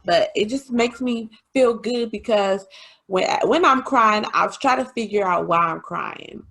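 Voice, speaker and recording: A woman hosting a casual podcast chat, confiding and chatty, often laughing and adding quick asides. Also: medium pitch, pushed and bright. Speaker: podcast host.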